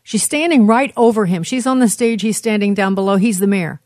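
A woman's voice: medium pitch, a little fast, a little mellow, no echo. Woman commentary host, emphatic, dry sound, restarts often. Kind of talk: political commentary.

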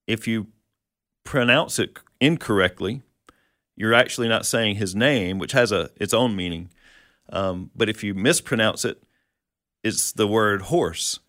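A man's voice: lowish voice, fairly bright tone, no echo, studio quality. A man co-hosting a conversational Bible teaching, explaining verses and asking questions. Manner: explanatory, quotes scripture, asks questions.

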